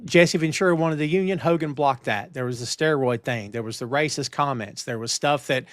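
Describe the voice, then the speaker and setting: A man hosting a wrestling news talk show, emphatic and animated, with lots of restarts. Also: mid-range voice, brisk, no room sound, studio quality. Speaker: podcast host. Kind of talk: casual wrestling news chat.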